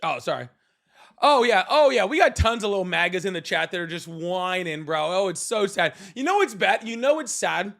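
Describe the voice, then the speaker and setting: A man's voice: sits high, sing-song, moderate pace, vocal fry, a bit bright. A man hosting a live call-in debate stream, ranting casually in a sarcastic, mocking way and swearing freely. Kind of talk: casual livestream rant.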